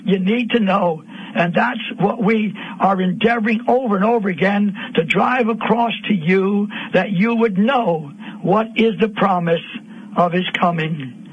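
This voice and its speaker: A man preaching a fiery radio sermon, repeating lines and rising to shouts. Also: high voice, a little slow, breathy edge. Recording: dull lo-fi radio broadcast.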